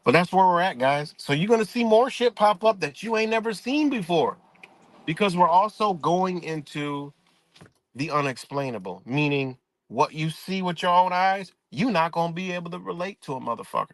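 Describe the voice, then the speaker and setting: Middle-aged dude ranting on his livestream, kinda high voice, cussing a lot, dry close mic. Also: moderate pace, no echo. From Rochester, New York. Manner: profane, rambling, animated storytelling. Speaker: live stream host. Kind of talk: casual livestream monologue.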